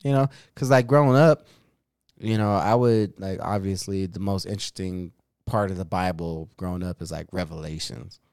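Low-voiced man telling animated stories. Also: moderate pace, clear, resonant tone, no echo, studio quality. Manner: animated storytelling, heavy swearing and filler likes. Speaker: podcast co-host. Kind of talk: casual chat.

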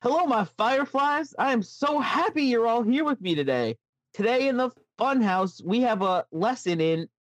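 A man putting on an eerie, sweet children's-show host voice, slow and sing-song with a put-on Southern accent. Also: extremely high pitch, expressive, no room sound, pitched above the performer's own voice. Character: impression of a wrestler's eerie children's-host persona.

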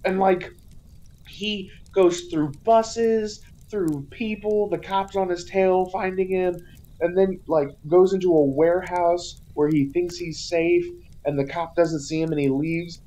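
Unhurried low-voiced woman recapping a film. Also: poor audio. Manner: animated plot recap, acting out characters' lines. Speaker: podcast co-host. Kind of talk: casual movie review chat.

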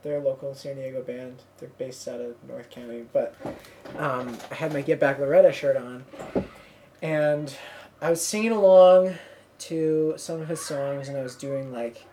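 A woman's voice: very deep voice, moderate pace, mellow, a little hiss or hum. A young woman hosting a podcast, chatting casually and telling rambling stories full of fillers and "like". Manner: rambling storyteller, lots of "like" and fillers. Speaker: podcast host. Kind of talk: casual chat.

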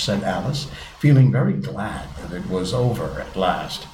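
A man reading a storybook aloud as narrator, in an animated way with small slips. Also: lowish voice, normal speed. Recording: roomy with faint hiss.

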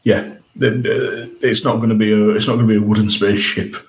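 A brisk, flat-voiced man on the low side co-hosts a podcast about a TV episode, chatting eagerly and frequently restarting his sentences, all on a rough recording.

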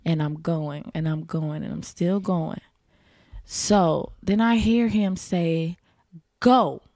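A woman's voice: low voice, steady tone, takes it slowly, warm tone, no echo, studio quality. A woman guest on a podcast telling a personal story in a vivid, casual way, turning to the listeners with y'all.

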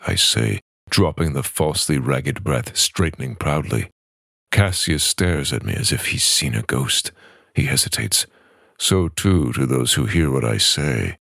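A man reading a dramatic first-person novel passage aloud in a measured, intense way on a podcast. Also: rumbling low, gravelly, a bit bright, no room sound, clean studio sound. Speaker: guest reader. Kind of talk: dramatic audiobook-style reading. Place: podcast studio.

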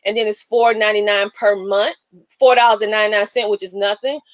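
A woman's voice: mid-range voice, steady tone, fast, no echo. A woman hosting a live stream, talking casually, emotional and preacher-like. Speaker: live show host. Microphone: webcam.

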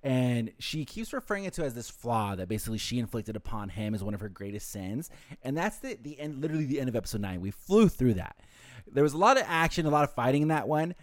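A man co-hosting a casual anime podcast, his voice sitting at an ordinary middle pitch. He swears freely and drops into brief voices for the characters he recaps. The sound is dry and close. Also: big pitch swings, no room sound. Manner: casual, profane, acts out characters in quick impressions. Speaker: podcast co-host and editor.

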